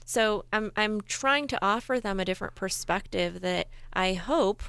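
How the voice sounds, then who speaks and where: A woman gently and earnestly sharing her own experiences in a talk show discussion. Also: medium pitch, a little slow, vocal fry, clean tone, no echo.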